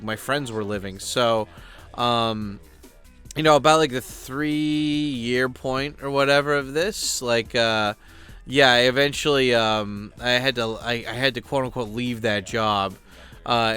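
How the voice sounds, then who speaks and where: A man's voice: mid-range voice, bright, forceful tone, smooth. A man giving loose, rambling commentary as a YouTube host, full of fillers and casual swearing.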